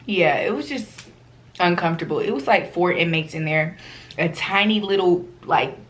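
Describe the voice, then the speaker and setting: A young woman, chatting casually as a vlogger, animated and slangy, often acting out the people in her story. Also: lowish voice, moderate pace. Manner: animated, slangy, acts out quoted voices.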